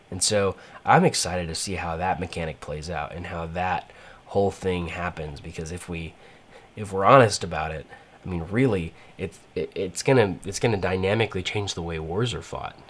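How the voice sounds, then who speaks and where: Man, very low voice, rambling strategy-game commentary, faint background hum. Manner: rambling, many fillers and restarts. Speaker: gaming channel host. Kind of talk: casual gameplay commentary.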